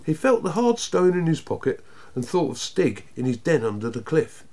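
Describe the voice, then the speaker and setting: A man reading a children's book aloud, narrating in an expressive, lively way. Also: fairly high pitch, moderate pace. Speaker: storyteller.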